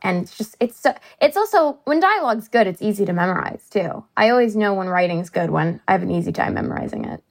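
A woman who is an actress, telling stories in a casual interview chat, chatty and animated with quick asides. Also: mid-range voice, creaky.

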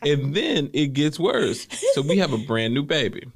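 A man's voice: on the high side, very animated, normal speed, vocal fry, breathy edge. A man co-hosting a casual chat, telling stories bluntly with teasing jokes.

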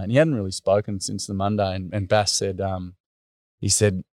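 A middle-aged Australian man telling a heartfelt story in an interview, earnest and halting, with many pauses and restarts. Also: on the low side, little pitch movement, a little mellow, no room sound, studio quality. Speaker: workshop facilitator and guest.

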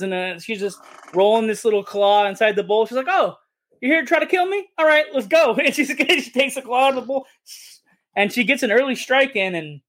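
A man with a high speaking voice co-hosting a casual podcast about a film. He rambles enthusiastically and often restarts his sentences. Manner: rambling, self-correcting, enthusiastic. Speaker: podcast co-host. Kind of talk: casual movie discussion.

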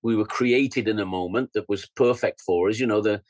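A man's voice: on the low side, brisk, no echo, low-quality recording. An older man with an English accent tells his stories with lots of animation. He scats rhythms and acts out quotes, and he sounds close and dry on the mic. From England. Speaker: guest musician. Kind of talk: storytelling interview.

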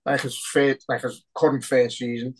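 A man, co-hosting a football podcast, talking in a sweary, excitable, rambling way. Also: mid-range voice, moderate pace, slightly rough, poor audio. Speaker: podcast co-host. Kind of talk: casual football chat.

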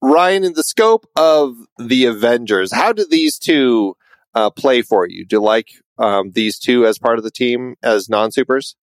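A man's voice: mid-range voice, lively intonation, a little slow, no echo. A man hosting a casual movie podcast, chatting and laughing easily with his co-hosts. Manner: laughs easily, mimics a gruff movie voice in jest. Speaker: podcast host.

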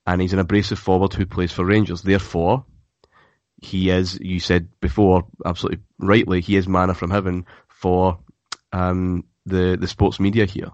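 A man's voice: low-pitched, little pitch movement, moderate pace, darkish tone, dry recording, muffled recording. A man co-hosting a casual football chat podcast, often restarting his sentences and repeating words. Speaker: podcast co-host.

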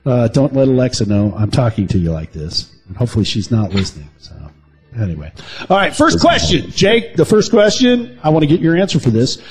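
A man's voice: medium pitch, big pitch swings, brisk, slightly rough. A man co-hosting a podcast in casual joking chat, playfully teasing and hamming up his game-show announcements. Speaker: podcast co-host.

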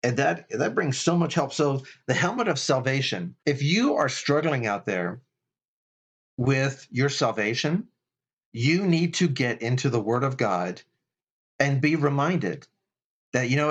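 A man's voice: mid-range voice, expressive, unhurried, breathy edge, muffled recording. A middle-aged man speaks as a chaplain in an earnest, preachy but casual way. He often restarts his sentences as he thinks aloud. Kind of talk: casual faith talk.

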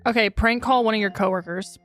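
A woman's voice: medium pitch, fairly even intonation, fairly quick, fairly bright tone, soft background music. A woman co-hosting a podcast, bubbly and casual, often laughing through her lines. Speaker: podcast co-host. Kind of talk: casual chat.

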